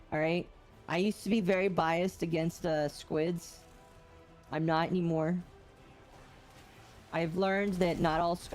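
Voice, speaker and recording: A woman with a lowish voice chats casually while she streams a game. She answers her chat and makes playful jokes. Faint game music plays underneath her. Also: a little mellow. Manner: chatty, reads and answers chat, playful puns.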